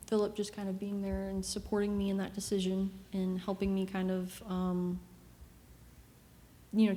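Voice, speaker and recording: A young woman sharing an emotional personal testimony as a camp missionary, halting and long-winded with many fillers. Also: medium pitch, dark tone. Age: young adult. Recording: reverberant room with faint noise.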